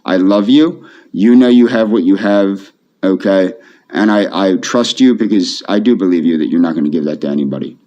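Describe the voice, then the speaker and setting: A man speaking softly to camera in a pleading, repetitive, emotionally flat way. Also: deep voice, moderate pace. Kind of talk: pleading video monologue. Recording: dull lo-fi video audio.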